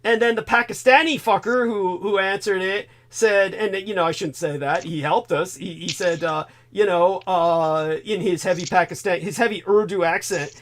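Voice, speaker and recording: A man hosting a livestream, telling a rambling, animated story with profanity in casual chat. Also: high-pitched, moderate pace, few pauses. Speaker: livestream host. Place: home.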